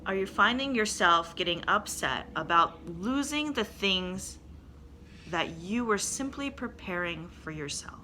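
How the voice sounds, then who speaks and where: Bright-voiced woman giving a devotional. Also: mid-range voice, animated, unhurried, slight background noise. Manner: earnest, conversational, asks rhetorical questions. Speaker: church devotional speaker. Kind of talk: devotional talk with scripture reading.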